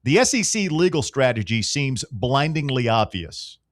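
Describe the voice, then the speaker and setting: A man hosting sports talk radio with a sarcastic, teasing edge, his voice sitting at an ordinary pitch. The studio sound is dry and close. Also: big pitch swings, normal speed, no echo. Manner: sarcastic, needling banter.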